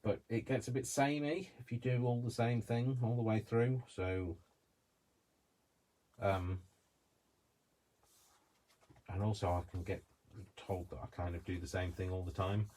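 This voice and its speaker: Man, Coventry accent, low pitch, casual crafting tutorial, rambling. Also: flat delivery, a little slow, pauses often, mellow, a little hiss or hum. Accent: Coventry English. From Coventry, England. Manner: chatty, rambling, talks to himself while working.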